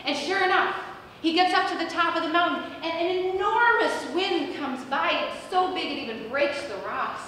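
High-voiced woman preaching in an echoey church. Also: normal speed, recorded from a distance, slight background noise. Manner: storytelling with lively acted-out quotes. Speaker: pastor. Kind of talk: sermon. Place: large church sanctuary. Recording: echoey church hall recorded from afar.

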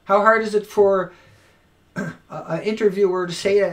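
A man recording an angry, profane rant to camera, swinging between yelling and quiet muttering. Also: sits high, steady tone, moderate pace. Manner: profane, shouting and then dropping to quiet. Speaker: video blogger. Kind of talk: angry ranting monologue. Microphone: home recording mic.

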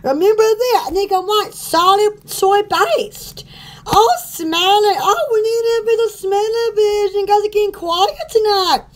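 A woman's voice: extremely high pitch, measured pace, few pauses. A young woman from Alabama, rambling and giggling as she hosts a casual live stream for her online shop. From Alabama, USA.

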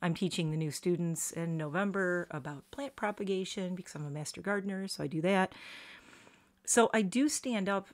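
A middle-aged woman with a fairly low voice and a slight lisp on her S sounds talks casually to viewers on a live stream. She rambles, restarts her sentences and fills gaps with ums. Her tone stays chatty and self-deprecating. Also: moderate pace. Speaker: beauty vlogger doing a live stream.

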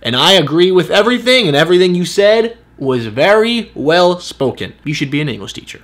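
A man's voice: fairly high pitch, expressive, brisk, few pauses, a bit bright. A man vlogging and reading comments aloud in a sarcastic, exasperated way. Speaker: YouTube vlogger.

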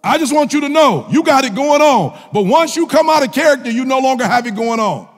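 A male minister preaching a sermon in a colloquial, joking style, with impassioned shouts and repeated phrases. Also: extremely high pitch, animated, a little fast. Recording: long reverb of a large hall.

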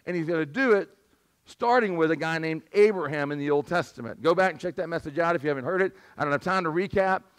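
Man, pastor preaching, high pitch, strained squeaky voice, asks the room for responses. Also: fast talker, clear, resonant tone. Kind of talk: sermon. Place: church sanctuary.

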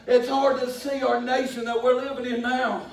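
A middle-aged man preaching a sermon in a folksy way, rising to drawn-out shouts. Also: very high voice, little pitch movement. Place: church sanctuary. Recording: echoey church from far off.

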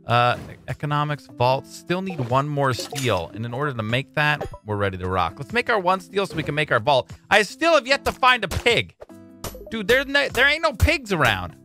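Excitable male gamer, lively bright voice, let's-play chatter over faint game music. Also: fairly high pitch, moderate pace. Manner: excitable, swings between mumbling and loud outbursts, says "dude" a lot. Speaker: gaming YouTuber. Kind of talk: casual let's-play commentary.

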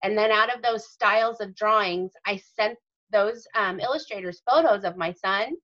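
A woman's voice: medium pitch, normal speed. A woman author and mother answering interview questions, explaining things earnestly and in detail. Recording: dull lo-fi audio.

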